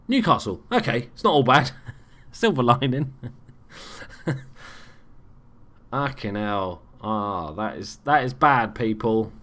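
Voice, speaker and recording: A young man giving casual, sweary commentary on his football management game as host. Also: fairly low pitch. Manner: swears freely, reacts loudly to plays. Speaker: let's play host.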